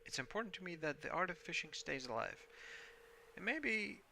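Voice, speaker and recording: A man puts on a jovial old sailor-fisherman, loud and hearty, his voice pushed up high and sharp with a gravelly edge. He talks in a folksy, swaggering game-character way. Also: sing-song, normal speed, slight background noise, exaggerated voice.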